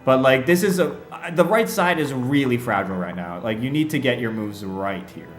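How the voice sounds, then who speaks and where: Lively, chatty male streamer in an echoey room. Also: mid-range voice, normal speed. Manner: chatty, laughs often, talks straight to his chat. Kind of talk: casual livestream chat and game commentary. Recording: echoey room with faint music.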